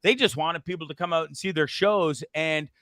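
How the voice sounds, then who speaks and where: A man's voice: on the high side, normal speed, bright, forceful tone, no room sound. A man hosting a casual interview, rambling and swearing freely. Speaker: host. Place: bar in Nicaragua.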